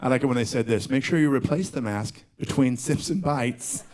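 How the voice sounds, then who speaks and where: A man's voice: medium pitch, normal speed, heavy background noise. A man in his forties doing a live stand-up comedy set, telling profane stories with acted-out voices and sudden yelps. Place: theater stage before a laughing audience. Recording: roomy live venue with crowd laughter. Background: audience laughter.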